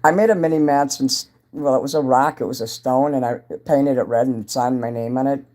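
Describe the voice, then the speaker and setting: A man hosts his own livestream, chatting loosely and greeting viewers as they come in. His voice is mellow and a little dark. He rambles from topic to topic in an offhand, casual way. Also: mid-range voice, fairly even intonation, fairly quick. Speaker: entertainer hosting a livestream.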